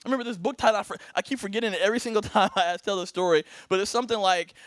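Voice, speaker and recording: A young man giving a motivational keynote to a live audience, energetic and playful, laughing often and keeping the crowd involved with "right?". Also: high-pitched, racing, dry recording. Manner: laughs often, acts out bits. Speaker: keynote speaker. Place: event stage before a live audience.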